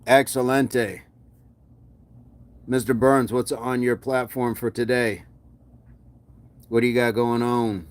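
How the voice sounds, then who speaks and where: A man's voice: mid-range voice, flat delivery, a little slow, long pauses. A man hosting a casual fitness live stream, playful and jokey as he chats with viewers on his phone. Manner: playful, jokey, hypes up the chat.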